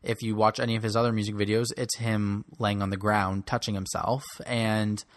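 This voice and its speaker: A man's voice: on the low side, flat delivery, normal speed, no room sound, studio quality. A young man giving blunt, snarky opinions on pop music as host of a solo commentary show. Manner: snarky and blunt, rants about artists.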